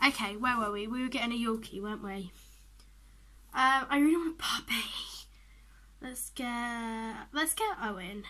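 A young woman giving chatty, excitable commentary while playing a life-sim game, often dropping into whispers. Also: a little high, moderate pace. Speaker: gaming vlogger.

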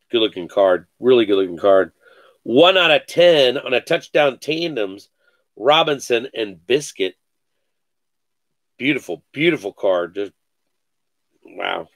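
A man hosting a live sports card break, calling out each card with excited slang and cursing. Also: mid-range voice, no echo. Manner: excited, calls out cards rapidly with slang and cursing.

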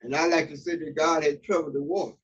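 A man's voice: a little high, steady tone, fast. A man preaching a sermon, reading scripture aloud and stopping often to explain it, with fillers and restarts. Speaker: pastor. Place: church sanctuary. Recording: distant mic, dull sound, faint hiss.

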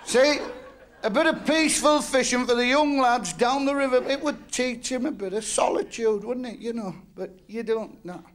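A man from North West England with a Northern English accent, telling crude jokes bluntly and quick-fire as a stand-up comedian on stage. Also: very high voice.

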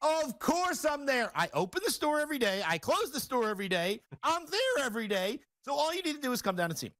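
A man making a boastful, rapid-fire sales pitch as a store owner guest on a TV talk show. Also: very animated, pushed and bright.

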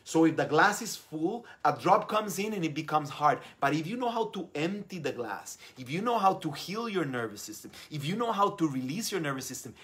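Male live-stream host, young adult, slightly high voice, gushing and upbeat with lots of repeated words. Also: sing-song, fairly quick, few pauses, a bit bright. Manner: enthusiastic, effusive, repeats words. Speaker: live stream host reading viewer comments. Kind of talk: casual live stream talk.

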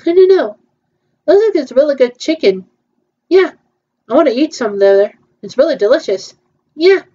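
A woman's voice: high voice, sing-song, moderate pace, dark tone, highs cut off. A woman chatting casually through a virtual theme-park tour, hesitant and playful, with frequent ums.

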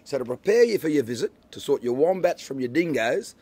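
A man's voice: fairly high pitch, big pitch swings, fairly quick, a little mellow, husky. A middle-aged Australian man reciting playful rhyming comic verse with a lilting rhythm. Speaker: bush poet.

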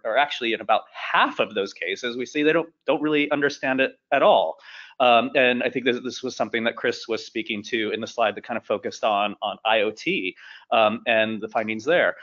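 Fast-talking man presenting a webinar. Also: mid-range voice, fairly bright tone. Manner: fast, rushed delivery with frequent fillers. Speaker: webinar panelist. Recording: dull lo-fi webinar audio.

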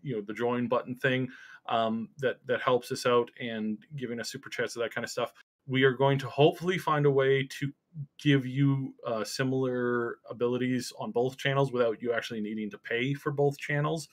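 A man's voice: mid-range voice, fairly even intonation, moderate pace. A man hosting a casual gaming podcast, rambling with many fillers and restarts. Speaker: podcast host.

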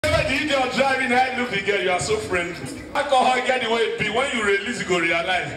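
High-voiced Nigerian man shouting punchlines. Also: fast talker, background noise. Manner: animated storytelling, punchlines shouted to the crowd. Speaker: stand-up comedian. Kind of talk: stand-up comedy. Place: comedy stage before a live audience. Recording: echoey stage from far off with crowd.

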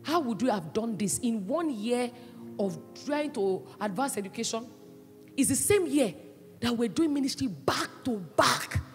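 A woman pastor preaching a sermon with passion, swinging between loud cries and hushed asides. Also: a little high, animated, unhurried. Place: church hall. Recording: echoey church hall, with faint music.

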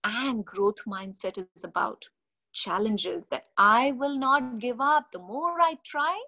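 Woman, middle-aged, mindfulness coach, webinar talk, expressive storyteller, fairly high pitch. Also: slow, vocal fry, lo-fi sound. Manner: expressive, animated storytelling with acted-out quotes.

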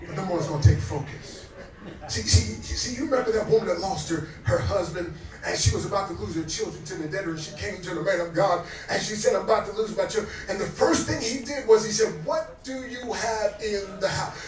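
A man in his fifties preaching a sermon as pastor, swinging between soft asides and shouted exhortations that call out to the congregation. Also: high voice, fast. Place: restaurant dining room. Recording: roomy echo, distant mic, faint music.

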